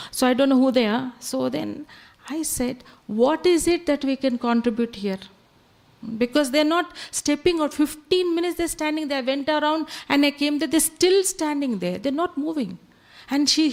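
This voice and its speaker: A woman with a high-pitched, darkish voice gives a spiritual storytelling talk full of chatty stories, dropping Hindi phrases into her English.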